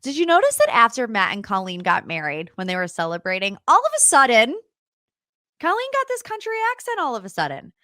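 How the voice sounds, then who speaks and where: Young woman podcast host, a bit high voice, dry close mic, chatty and opinionated. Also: a little fast, no room sound. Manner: chatty, opinionated and animated, with sarcastic asides. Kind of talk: casual pop-culture podcast chat.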